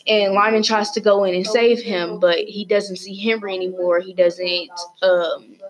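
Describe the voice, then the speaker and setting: A woman's voice: mid-range voice, fairly even intonation, unhurried. A woman casually retelling a story as a student podcast host, rambling with lots of fillers and restarts.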